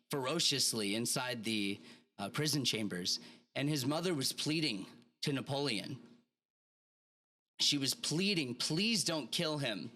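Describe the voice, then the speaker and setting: With a sharp tone and a mid-range voice, a podcast host gives a motivational monologue. His storytelling is casual and animated, full of slang.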